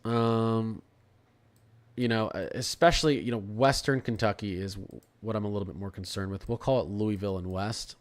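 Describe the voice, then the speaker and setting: A man's voice: fairly low pitch, fairly even intonation, normal speed. A young man from Florida hosting a live weather stream, talking casually about forecasts, repeating and restarting phrases as he reads chat. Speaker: weather livestream host.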